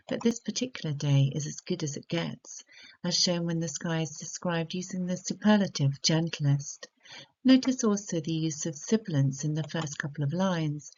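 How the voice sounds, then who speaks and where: Low, mellow British woman tutor. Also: lo-fi sound. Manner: measured, careful explanatory delivery, slowing on key words. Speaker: literature tutor. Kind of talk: recorded poetry analysis lesson.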